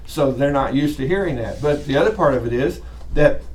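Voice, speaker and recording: A man's voice: mid-range voice, animated, fairly quick, darkish tone, distant mic. A man lecturing a college class in a chatty way, often acting out little voices as he teaches, recorded in a classroom.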